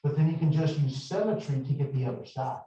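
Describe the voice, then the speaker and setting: A middle-aged man teaching a math class, explaining slowly and deliberately and wandering into chatty stories from his past. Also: a little high, mellow. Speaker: math instructor. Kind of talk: classroom lecture. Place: large echoey classroom. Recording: echoey, distant, dull classroom recording.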